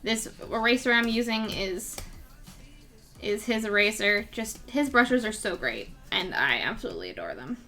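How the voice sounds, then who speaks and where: A woman's voice: mid-range voice, expressive, normal speed, pushed and bright, soft background music. A young woman chatting casually with her viewers and her cat during a live drawing stream.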